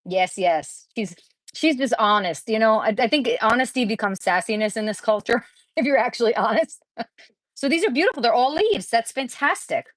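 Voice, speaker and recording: A woman's voice: fairly high pitch, lively intonation, normal speed, low-quality recording. A woman hosting a craft livestream, chatting casually with viewers and gushing over the crafts she opens, in a rambling way. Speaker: craft channel host.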